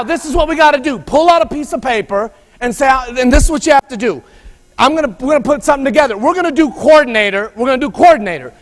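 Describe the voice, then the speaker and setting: A man giving an energetic motivational speech at a conference, telling stories and drawing call-and-response from a live audience. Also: very high-pitched, in a large hall. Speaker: motivational speaker. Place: large conference room before a live audience.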